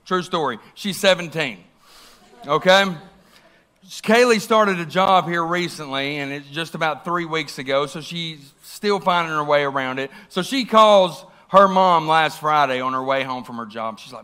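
A pastor in his forties delivers a sermon through a long, lively story. His voice sits high and bright. He acts out every quote with big swings. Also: normal speed, clear, resonant tone.

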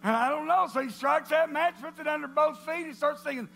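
A man preaching to a church congregation, telling jokes in a playful, animated way. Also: very high-pitched, a little fast, gravelly, faint music behind. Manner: playful, animated storytelling with laughter.

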